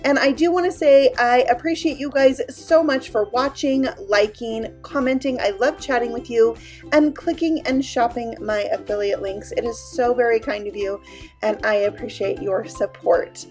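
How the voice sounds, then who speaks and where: Woman host, card-making tutorial voice-over, chatty and upbeat, a bit high. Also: moderate pace, darkish tone, soft background music. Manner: chatty, upbeat, explains each step while working.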